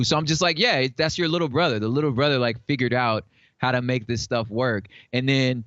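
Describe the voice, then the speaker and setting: A slangy man talks casually, telling animated stories and acting out bits of dialogue. He sounds dry and a little dull, as if recorded on a modest podcast mic. His voice sits in an ordinary middle range. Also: mid-range voice, a little fast, no room sound. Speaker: podcast guest. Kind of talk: casual chat.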